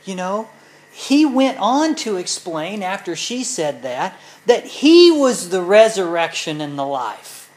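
Slow, earnest woman Bible teacher. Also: mid-range voice, very animated, a little mellow, low-quality recording. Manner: earnest, explanatory, addresses listeners directly. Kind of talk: sermon.

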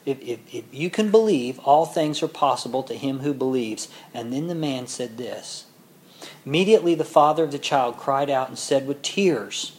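A man delivering a sermon in a slow, deliberate way, weighing each phrase. His voice sits at a middle pitch and climbs to loud, fervent peaks before falling back to a soft, earnest hush. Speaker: preacher.

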